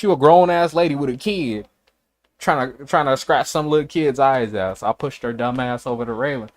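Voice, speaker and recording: A man's voice: mid-range voice, fast talker. Male streamer from Chicago, casual, profane, blunt storyteller. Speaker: livestreamer. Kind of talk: casual livestream chat.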